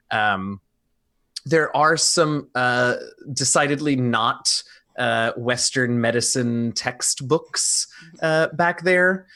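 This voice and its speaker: Mid-pitched man, rambling tabletop player, lots of "uh"s. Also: sharp tone. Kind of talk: casual tabletop role-play chat.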